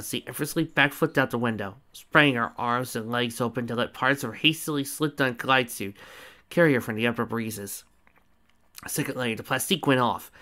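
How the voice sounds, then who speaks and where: A man's voice: medium pitch, a bit bright. A man reading fan fiction aloud in a casual way, with small stumbles and joking asides. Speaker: fanfiction reader.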